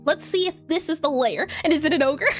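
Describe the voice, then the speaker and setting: High-pitched giggly woman developer streaming, walks through her debugging aloud, faint music underneath. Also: normal speed. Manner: giggly, explains step by step while thinking aloud. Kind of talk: casual live coding stream.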